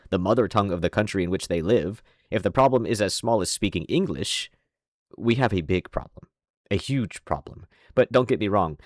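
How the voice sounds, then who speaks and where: A man's voice: low-pitched, no room sound. A man with an American accent and a slight Southern twang, delivering a sardonic, opinionated commentary monologue with dry asides. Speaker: online commentator.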